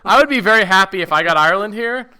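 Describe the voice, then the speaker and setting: A young man hosting a live-streamed tournament draw. He talks loudly and excitedly, swearing and laughing often. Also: sits high, very fast.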